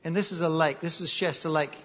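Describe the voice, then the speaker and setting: Briskly and at a fairly high pitch, a New Zealand-accented pastor from New Zealand preaches by telling stories laced with jokes. He's animated and puts questions to the congregation. The audio is dull lo-fi with the echo of a hall.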